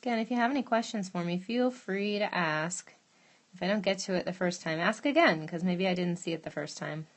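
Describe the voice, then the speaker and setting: A woman's voice: fairly low pitch, fairly quick. A woman demonstrating a glass craft in her studio on a live stream, chatting casually, thinking aloud and answering viewer questions as she works.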